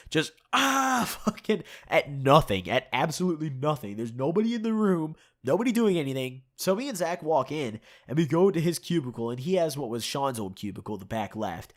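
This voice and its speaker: A young man with a stuffed-up nose and sore throat, telling a rambling, profane story to his channel and chuckling often. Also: mid-range voice. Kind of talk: casual storytime.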